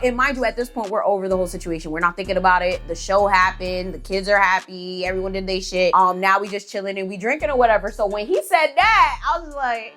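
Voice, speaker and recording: A young adult woman, telling a casual, profane storytime to camera with animated quoted voices. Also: mid-range voice, fast, few pauses, soft background music. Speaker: storytime vlogger.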